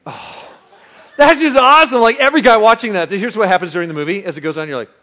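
A man preaching a sermon, bantering playfully with the congregation, then turning soft and reflective. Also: sits high, racing, a little hiss or hum. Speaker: pastor.

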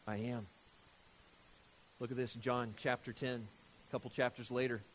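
A man preaching a sermon from scripture, animated and emphatic, firing rhetorical questions at his listeners. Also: mid-range voice, moderate pace, slight background noise.

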